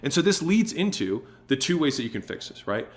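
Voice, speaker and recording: A man in his thirties giving a motivational business talk on sales, shifting his tone and pauses to stress his points. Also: on the high side, sing-song. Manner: emphatic, varies tone and pauses to make points. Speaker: business speaker.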